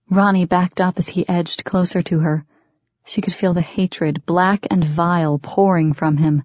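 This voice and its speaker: A woman reading an audiobook in steady, measured scripted narration. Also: lowish voice, dry recording. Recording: dry, dull lo-fi recording.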